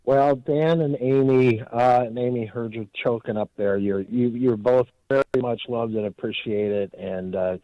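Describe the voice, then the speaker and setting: A man calling in to a talk radio show, earnest and measured in his praise. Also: mid-range voice, fairly even intonation, dry recording, muffled recording. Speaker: caller. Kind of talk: call-in comment.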